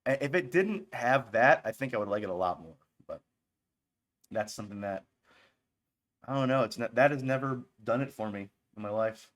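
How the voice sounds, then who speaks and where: A man's voice: medium pitch, expressive, normal speed. A man chatting casually on a live stream as he reviews songs, rambling and cracking crude jokes. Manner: rambling, joking, profane.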